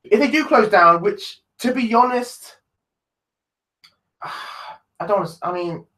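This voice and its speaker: A man's voice: high voice, lively intonation, slow pace, pushed and bright. A young man from England with a British accent, chatting casually and rambling on a livestream, often laughing and restarting his sentences. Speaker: YouTube livestream host. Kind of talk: casual live-stream chat.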